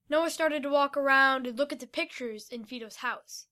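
A woman narrating a storybook with a high, bright voice. Her read-aloud pacing stays steady and clear. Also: moderate pace. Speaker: story reader.

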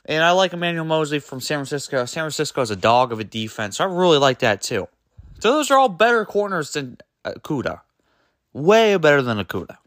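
A man hosting his own sports podcast, ranting in an exasperated, emphatic way, full of rhetorical questions and quick self-corrections. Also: a little high, big pitch swings, fairly bright tone, no room sound, clean studio sound. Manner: loose and rambling, trips over words and self-corrects. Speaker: podcast host. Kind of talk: solo sports podcast rant.

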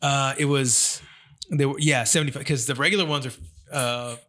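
A man's voice: mid-range voice, steady tone, normal speed, fairly bright tone. A man, father of two young boys, chatting casually and telling rambling stories full of swearing. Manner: profane, rambling storyteller. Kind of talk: casual chat.

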